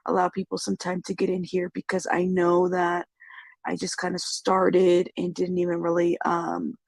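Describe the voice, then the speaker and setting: A woman hosting a casual livestream, raspy and congested from a cold, rambling and greeting viewers in the chat. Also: fairly low pitch, monotone, moderate pace, no room sound. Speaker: YouTube news host.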